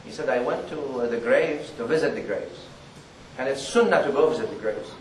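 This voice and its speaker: A man giving a Friday sermon, earnest and repetitive, reciting Arabic verses quickly between his explanations. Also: mid-range voice, roomy sound, recorded from a distance, slight background noise, low-quality recording. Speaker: preacher.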